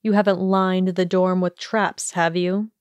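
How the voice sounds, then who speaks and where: A haughty young wizard who snaps cold, snide remarks, read out by a woman. He talks at an unhurried pace. The audiobook recording is dry and close. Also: on the low side, flat delivery, a little mellow, smooth, no room sound, close to an everyday voice. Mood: smirking. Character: sneering arrogant young wizard man.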